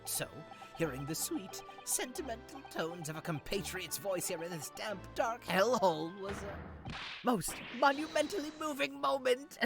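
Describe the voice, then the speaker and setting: A man voicing a paranoid, dramatic young Japanese male prisoner, veering between hushed whispers and grand outbursts. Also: high-pitched, very animated, moderate pace, vocal fry, music in the background, voice pushed up, heavily acted. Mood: grandiose. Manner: theatrical, swings from whispers to outbursts.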